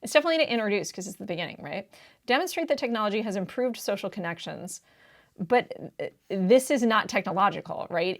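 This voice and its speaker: A woman with a mid-range, gravelly voice coaches test preparation, going through reading answers in an emphatic, casual, slangy manner and frequently checking in with "right?"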